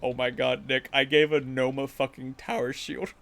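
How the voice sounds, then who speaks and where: A man streaming a game live, reacting excitedly and swearing often. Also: medium pitch, normal speed, vocal fry, a little hiss or hum. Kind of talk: live gameplay commentary.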